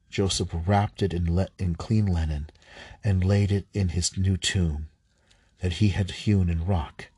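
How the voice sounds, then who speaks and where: A man reading scripture aloud, halting at times, stumbling and rereading lines. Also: low voice, a little mellow, breathy edge, no echo. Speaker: scripture reader.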